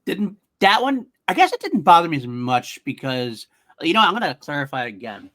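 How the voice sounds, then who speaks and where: Man, podcast co-host, bright tone, casual chat, emphatic and excitable. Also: on the high side, moderate pace. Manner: enthusiastic, emphatic, repeats himself.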